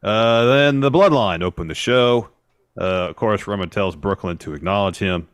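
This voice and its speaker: A man with a low, deep voice co-hosts a casual wrestling podcast, recapping events at an even, relaxed pace. His voice is close and dry. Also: moderate pace, clean tone, no echo. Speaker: podcast co-host.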